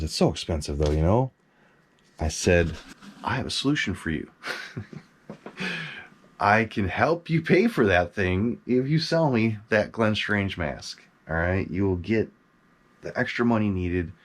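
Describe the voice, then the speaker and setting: A man hosting his own collector channel, casually telling a story to camera and acting out what he and a friend said. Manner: animated, acts out his own past quotes with rising pitch. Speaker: mask collector and host.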